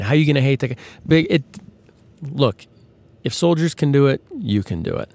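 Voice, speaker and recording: A man's voice: medium pitch, animated, moderate pace, creaky, pauses often, a little mellow, no room sound. A man hosting a podcast, talking through a casual, earnest monologue with frequent fillers and restarts. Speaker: podcast host.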